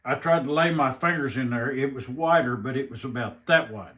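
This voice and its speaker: An older man, a taxidermist chatting casually, talking slowly with halting restarts and rural grammar. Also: mid-range voice, pushed and bright. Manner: slow, halting, repeats words, rural grammar. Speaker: taxidermist guest. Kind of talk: casual chat.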